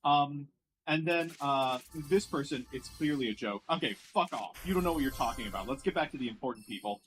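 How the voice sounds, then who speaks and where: An American man streaming casual commentary as he reacts to online posts, sarcastic and quick to laugh, sometimes mocking French words. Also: mid-range voice, animated, a bit bright, slight background noise, rough recording.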